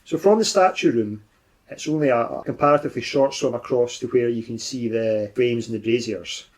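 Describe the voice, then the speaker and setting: A man running a tabletop game as game master, describing the scene with vivid detail. His voice sits at a middling pitch. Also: rough recording. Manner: descriptive, halting restarts.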